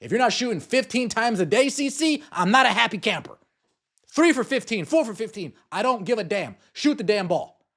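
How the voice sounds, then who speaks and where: A man's voice: sits high, animated, normal speed, a bit bright. A man hosting a podcast, delivering an angry sports rant, swearing and repeating himself. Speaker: podcast host.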